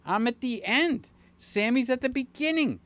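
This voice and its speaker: A man in his late sixties hosting a casual livestream, chatting in a rambling, jokey way with many fillers and sudden excited jumps. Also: very high-pitched, normal speed. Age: 60s. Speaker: channel host.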